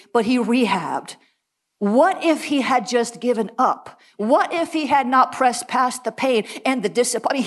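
A woman preaching a sermon, telling animated stories with quick asides and laughs. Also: a little high.

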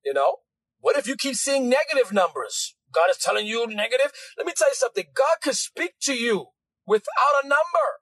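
A man preaching a sermon, emphatic and loud, shouting some lines and rattling off quick asides. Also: very high-pitched, expressive, no echo.

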